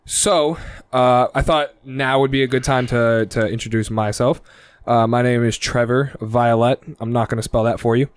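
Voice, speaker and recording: A man's voice: medium pitch, fairly even intonation, normal speed, hardly any pauses, smooth. A young man hosting a casual podcast chat, rambling with lots of fillers. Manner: rambling, filler-heavy, says "like" often. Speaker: podcast host.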